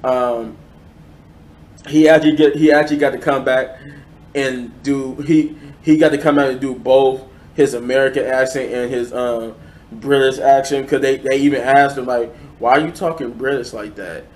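A man's voice: mid-range voice, fairly even intonation, moderate pace, darkish tone. Rambling casual male reviewer. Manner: rambling, many fillers and restarts. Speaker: show reviewer.

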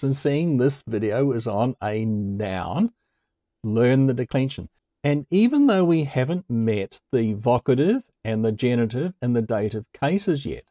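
A man explaining a language lesson to camera in a relaxed, conversational way, chuckling now and then. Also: medium pitch, dry recording, studio quality. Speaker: language teacher.

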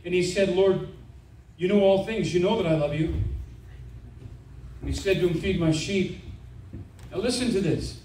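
Middle-aged guy preaching, high voice, lots of amens, sounds far off in an echoey church. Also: moderate pace, pauses often, slight background noise. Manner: animated, with stammering restarts and "amen"s. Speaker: evangelist preacher. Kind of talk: sermon. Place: church sanctuary.

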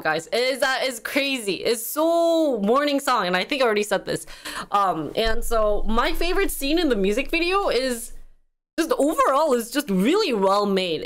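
Upbeat woman host, higher voice with bouncy pitch, giggly chatty reaction talk. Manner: energetic and giggly, many fillers. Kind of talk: casual reaction chat.

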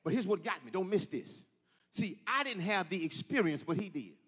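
A male pastor preaching a sermon, telling stories and rising into shouted, sing-song peaks. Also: high-pitched, very animated, moderate pace, breathy edge. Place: church sanctuary. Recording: echoey church hall.

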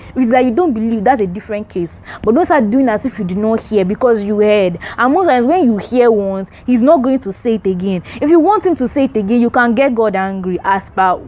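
A woman's voice: on the high side, warm tone. A young adult woman gives an emphatic, repetitive faith teaching to camera, urging her listeners on. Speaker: Christian vlogger.

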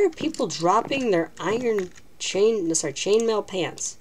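A woman's voice: medium pitch, animated, a little slow, hardly any pauses, noisy background. A woman giving live, self-mocking commentary while playing a video game, talking to herself as she plays. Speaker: gaming channel host.

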